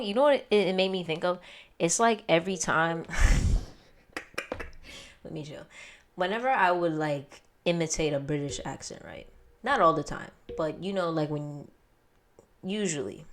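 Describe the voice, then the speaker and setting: A young woman chatting casually as she reacts to an album, slangy, laughing often and trailing off into quiet asides. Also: deep voice. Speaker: music reaction host.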